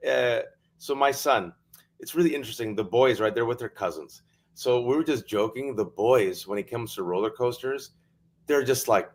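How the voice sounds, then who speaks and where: A middle-aged man co-hosting a casual political talk show, telling a family story with lively energy and acting out voices. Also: medium pitch, a little fast. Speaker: co-host. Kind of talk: casual chat.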